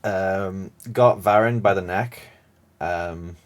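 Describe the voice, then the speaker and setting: A man running a tabletop game as dungeon master, narrating slowly with many pauses and fillers. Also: deep voice, a little hiss or hum. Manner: slow, halting narration with many ums, laughs often.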